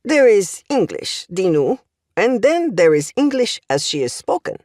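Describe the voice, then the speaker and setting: A woman's voice: mid-range voice, very animated, measured pace, a little mellow, dry recording, clean studio sound. A woman voicing an older male language professor who lectures with amused, coaxing wit.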